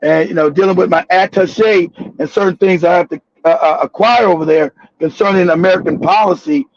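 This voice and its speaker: A man imitating a refined woman diplomat who speaks in a formal, self-important, measured way. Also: sits high, no room sound, voice pushed down. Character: refined woman diplomat describing her job. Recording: dull, dry lo-fi audio.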